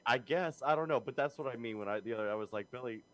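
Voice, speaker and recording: A man's voice: mid-range voice, fast, no echo. A man co-hosting a casual podcast, telling stories with lots of swearing and laughter. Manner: profane, laughs often, animated storyteller. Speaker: podcast co-host. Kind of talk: casual chat. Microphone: headphones and mic at home.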